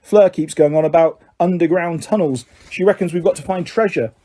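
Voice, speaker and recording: A man's voice: on the high side, brisk, dark tone, natural voice. A man voicing a friendly, earnest older teenage schoolboy. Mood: curious.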